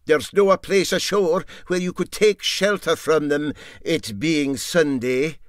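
A man voicing a gruff Scottish boat hand in a broad Scots accent. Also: on the high side, unhurried, no room sound, studio quality, voice pushed up, close to an everyday voice. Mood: gloomy.

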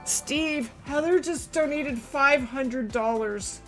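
A woman's voice: high-pitched, slow, faint music behind. A woman hosting a live game stream, chatting casually as she plays and gushing over viewers. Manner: chatty, thinks aloud, gushes with excitement. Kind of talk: casual live gameplay commentary.

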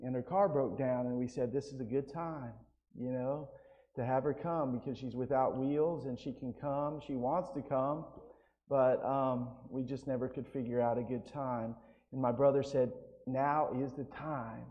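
A man's voice: mid-range voice, steady tone, normal speed, lo-fi sound. A man preaching an evangelistic sermon as pastor, telling stories and often checking in with "right?". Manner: storytelling with frequent "right?" asides. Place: church sanctuary. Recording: long hall reverb.

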